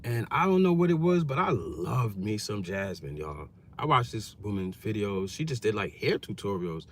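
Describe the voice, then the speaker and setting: A man's voice: fairly low pitch, moderate pace, slight background noise. A man, a YouTuber telling stories in casual, slangy vlog talk from inside his car. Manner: animated, slangy storytelling.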